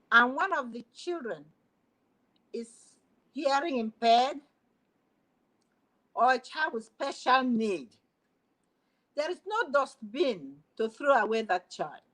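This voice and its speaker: An elderly woman educator speaking slowly and deliberately, in a high voice that swings widely in pitch. She leans hard on key words, pausing between phrases for emphasis. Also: sharp tone, rough recording. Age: older. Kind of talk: measured explanation.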